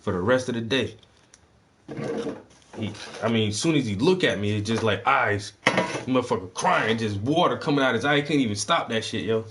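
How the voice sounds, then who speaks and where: A man telling profane, animated stories in casual chat as a livestream host, breaking into loud, high-pitched outbursts. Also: a little fast, noisy background.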